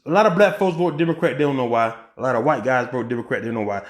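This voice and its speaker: A man's voice: mid-range voice, very fast, roomy sound. A man giving a casual opinion monologue on a political commentary podcast, asking rhetorical questions and often restarting his sentences with ums.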